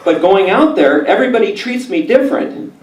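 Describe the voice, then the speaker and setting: A man doing a crude stand-up comedy set, telling stories deadpan and jumping into high voices for the people he quotes. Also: brisk. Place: theater stage before a live audience. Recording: roomy live room, mic at a distance, loud crowd laughter. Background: audience laughing.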